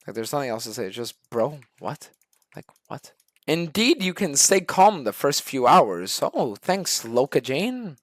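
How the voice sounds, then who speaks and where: A man's voice: on the high side, no room sound. Exasperated young man ranting on stream. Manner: profane, exasperated ranting that swings between shouting and muttering. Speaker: game streamer. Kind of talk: ranting to a live stream chat.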